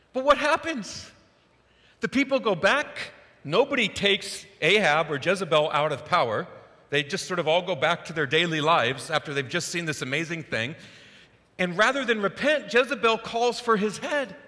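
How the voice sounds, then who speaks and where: Male pastor, animated sermon storyteller, forceful voice, long church reverb. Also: high-pitched, moderate pace. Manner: animated storytelling, acts out Bible quotes. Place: church sanctuary.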